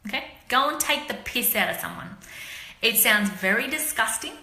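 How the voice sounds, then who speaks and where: A woman's voice: on the high side, expressive, normal speed, bright, forceful tone, a little hiss or hum. An Australian woman hosting a casual live chat, talking to her viewers by name in a rambling, slangy, chatty way. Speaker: livestream host chatting with viewers. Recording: roomy echo.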